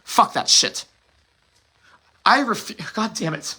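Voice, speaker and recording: Angry, bright-voiced man ranting. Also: sits high, very animated, slow, breathy edge. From United States. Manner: angry, profane ranting with restarts. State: emotional, sighing. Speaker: host. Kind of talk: emotional monologue.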